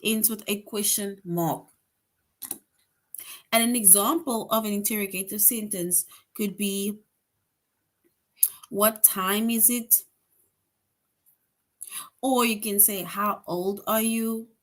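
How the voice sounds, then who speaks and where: A woman's voice: mid-range voice, steady tone. Patient woman teaching grammar to kids. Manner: explains patiently, tag question "right?" after most points; reads example sentences slowly with emphasis. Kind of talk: online grade-school grammar lesson.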